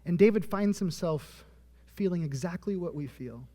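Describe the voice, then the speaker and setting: A man's voice: sits high, lively intonation, normal speed, warm tone. A male pastor preaching a sermon and retelling a Bible story, acting out the characters' lines. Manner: storytelling, acting out voices of biblical figures. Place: church auditorium. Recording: long church hall reverb.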